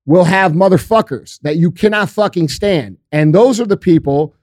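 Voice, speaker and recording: Intense, profane man with a fairly high voice. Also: expressive, moderate pace, darkish tone, no room sound, clean studio sound. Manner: blunt, profane, motivational; emphatic and intense. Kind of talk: casual chat.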